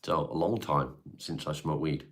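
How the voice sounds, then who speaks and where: A laid-back man hosts a live stream, reading out viewer comments and answering them. His voice sits very low, and he talks in a loose, offhand way with casual swearing. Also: moderate pace.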